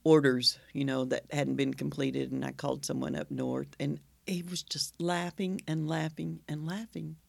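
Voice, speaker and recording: A playful male co-host with an Oklahoma accent trades jokes in a loose, casual chat. His voice has a gravelly creak, and the sound is close and dry with no room around it. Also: fairly high pitch, level tone, moderate pace, hardly any pauses, dry recording. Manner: playful joke-teller, self-mocking. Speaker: podcast co-host.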